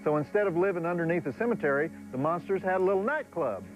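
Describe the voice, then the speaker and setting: A man's voice: sits high, animated, quick pace, dull audio, soft background music. A middle-aged man hosting a horror movie night, making sardonic, drawling cracks with chuckling asides. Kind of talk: wisecracking TV movie host.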